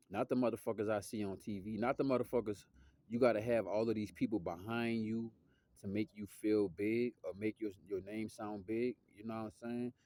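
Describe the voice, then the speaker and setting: A man's voice: dark tone, no echo. A young man, talking in a loose, slangy, rambling monologue that drifts off topic. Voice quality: deep voice. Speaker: musician vlogger.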